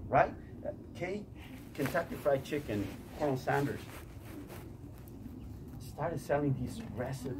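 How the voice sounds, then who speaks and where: Man, preaching from a distance. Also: mid-range voice. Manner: emphatic, repetitive, questions the audience. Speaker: motivational speaker. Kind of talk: faith-based motivational talk. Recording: distant mic in a noisy room.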